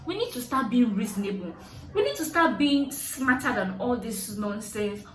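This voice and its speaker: A young Nigerian woman with a Nigerian accent tells a story in vlog style and jumps into high, loud outbursts as she acts out what people said. Her voice is bright and a little high. It sounds echoey, as if she is sitting back from the mic in a bare room. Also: sing-song, moderate pace, far from the mic, a little hiss or hum. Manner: acts out quotes with sudden high-pitched outbursts. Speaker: vlogger. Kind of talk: animated storytelling.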